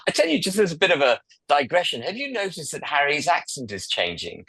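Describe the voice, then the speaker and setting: A man's voice: a little high, huge pitch swings, fairly quick, pushed and bright, slightly rough, no echo. Chatty man guesting on a panel. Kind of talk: conversational panel discussion.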